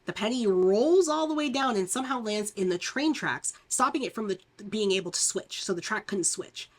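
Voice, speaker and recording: A woman's voice: medium pitch, lively intonation, normal speed. A woman reviewing horror movies, recapping a plot in a rambling, chatty way full of fillers and restarts, laughing often and acting out the characters' lines.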